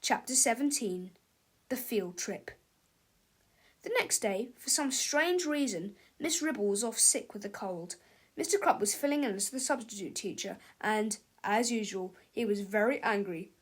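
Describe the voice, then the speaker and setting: A woman reading a children's storybook aloud with a lively, expressive delivery. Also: medium pitch, normal speed, breathy edge.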